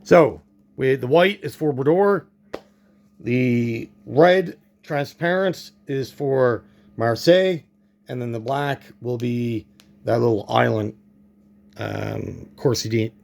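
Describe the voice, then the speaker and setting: Slow-talking man with a gravelly voice. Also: mid-range voice, darkish tone. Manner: thinking aloud, muttering reactions to dice rolls. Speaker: board game player. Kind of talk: casual play-through narration.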